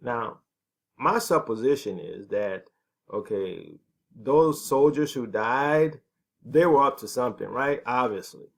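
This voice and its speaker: A man's voice: medium pitch, expressive, slow, creaky. A man teaching as a ministry preacher, talking emphatically, asking rhetorical questions and checking in with "right?" and "okay". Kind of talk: preaching commentary on prophecy.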